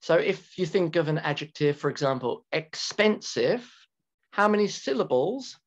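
A man teaching an English grammar lesson to students, talking slowly and deliberately, repeating key words and stretching them for emphasis. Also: on the high side, lively intonation. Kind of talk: recorded classroom grammar lecture. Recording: dull lo-fi lecture recording with keyboard typing.

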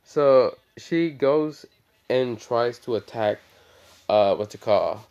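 A young man slowly retelling a fan-made story off the cuff, halting with fillers and clearing his throat. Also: medium pitch, lively intonation, darkish tone, dull audio. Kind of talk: improvised fan-fiction retelling.

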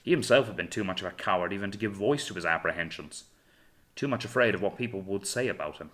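A man reading a novel aloud in measured, dramatic storytelling narration. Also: low voice, lively intonation, a bit bright. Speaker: audiobook narrator. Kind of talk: scripted narration.

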